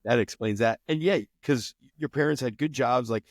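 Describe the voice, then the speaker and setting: A man hosting a casual interview, asking questions in a relaxed, easygoing way. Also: medium pitch, moderate pace, dry recording, studio quality. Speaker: host.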